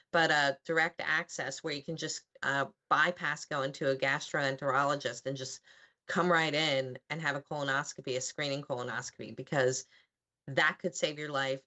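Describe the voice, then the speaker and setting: A woman's voice: a bass voice, bright, forceful tone. A woman, an operating room nurse and podcast guest, talking in an earnest, direct way. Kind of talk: casual chat.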